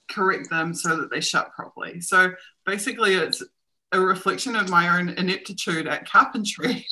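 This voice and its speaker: In a casual home livestream, the Kiwi host keeps chatting, laughing frequently and mocking herself, with a New Zealand accent. Her fairly low voice sounds pushed and bright on a rough recording.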